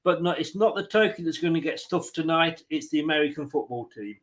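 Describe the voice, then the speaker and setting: Speaking briskly with hardly any pauses, this English host has a fairly high, animated voice, and background noise can be heard. He runs a football watchalong stream, cracking jokes, reading out comments and welcoming viewers by name in a casual chat.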